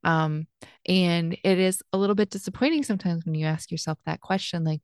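A woman's voice: fairly low pitch, steady tone, quick pace, creaky, no room sound, clean studio sound. A young adult woman hosting a casual solo podcast, reflective and chatty, with plenty of fillers and restarts. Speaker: podcast host and life coach.

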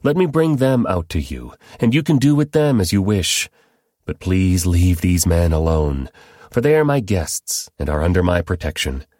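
A man's voice: low-pitched, big pitch swings, normal speed, dark tone, no room sound, clean studio sound. A man voicing an anxious man who begs urgently to protect his guests, in a Bible reading. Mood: anxious pleading. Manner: pleading, urgent.

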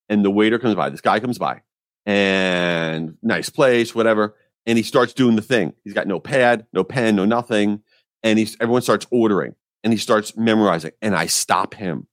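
A man's voice: lowish voice, no room sound, clean studio sound. Exasperated man ranting as podcast host. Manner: animated, exasperated storytelling. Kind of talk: ranting monologue.

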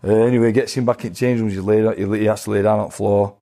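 A man's voice: on the low side, fairly even intonation, quick pace, warm tone. A former boxer, telling his stories bluntly in a casual interview. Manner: blunt, plain-spoken, acts out quoted voices. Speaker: retired boxer guest.

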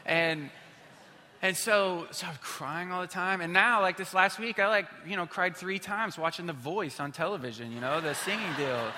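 A man in his thirties delivers a sermon in a loose, conversational manner, leaning on fillers and jokes at his own expense. His voice sits a little high for a man and sounds very bright and forceful. A long reverb trails behind him, as in a large hall. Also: moderate pace, slight background noise. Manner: conversational, self-deprecating storytelling with many fillers. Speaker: pastor.

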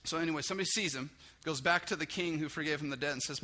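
A man's voice: a little high, rapid-fire. A man preaching a casual sermon, talking conversationally and acting out the story's dialogue. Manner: casual and conversational, with many restarts and "like"; acts out dialogue with raised, excited voice. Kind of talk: informal sermon.

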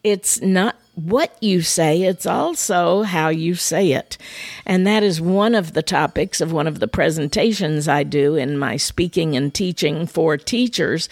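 A middle-aged woman hosting a faith-based podcast, talking in an expressive, folksy storytelling manner. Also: mid-range voice, no echo. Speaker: podcast host and speaker.

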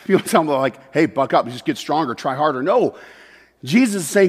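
Guy pastor preaching, pitch kinda high, big echo in the church, gets loud then goes quiet and personal. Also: lively intonation, fairly quick, husky. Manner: swings from loud emphatic peaks to quiet confessional asides. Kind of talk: sermon. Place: church sanctuary. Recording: long hall reverb.

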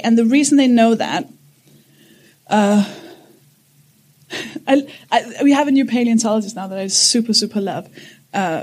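A breathy woman in her thirties chats casually as a podcast co-host. She rambles, stumbles over words and breaks into giggles, at an ordinary middle pitch. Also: darkish tone. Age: 30s. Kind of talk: casual chat.

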